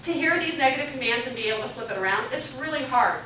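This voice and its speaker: Brief: high-voiced woman instructor, bright tone, echoey room, distant mic. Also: expressive, quick pace, a little hiss or hum. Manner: upbeat, asks the group questions, repeats their answers. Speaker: parenting class instructor. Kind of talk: interactive classroom lecture.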